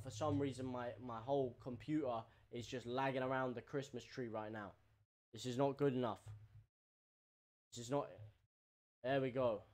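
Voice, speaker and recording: A man streaming live, giving excitable running commentary on a football match and repeating himself. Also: medium pitch, moderate pace, long pauses.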